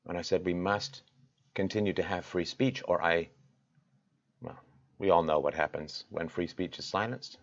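Deep-voiced impassioned man, lo-fi. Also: fairly even intonation, normal speed, pauses often. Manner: impassioned, rhetorical, swings from loud to quiet. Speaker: show host. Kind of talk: direct-to-camera address.

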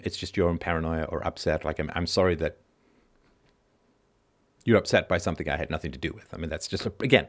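Deep-voiced man hosting a call-in show. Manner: emphatic, repeats key lines for stress; briefly acts out other people's reactions in mocking voices. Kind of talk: philosophical monologue to a caller.

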